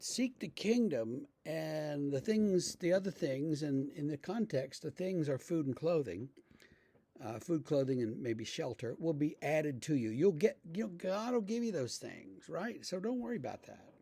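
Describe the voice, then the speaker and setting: A male pastor giving a relaxed, conversational devotional talk, telling stories with frequent fillers. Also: a little high, measured pace, gravelly, husky.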